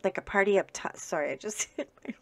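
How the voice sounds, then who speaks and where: A woman's voice: medium pitch, fast talker. Chatty middle-aged woman vlogging at home. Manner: chatty, rambling, with many fillers and restarts. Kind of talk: casual chat to camera. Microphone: webcam at desk with ring light.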